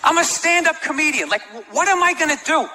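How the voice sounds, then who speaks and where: A man's voice: extremely high pitch, lively intonation, a little fast. A man doing a sarcastic, swearing stand-up comedy set in a club. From United States. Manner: sarcastic, ranting, swears often. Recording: live club with crowd laughing and room noise.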